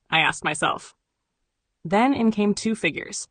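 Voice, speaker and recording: A woman reading memoir narration in an even, measured way. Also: lowish voice, dry recording. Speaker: audiobook narrator.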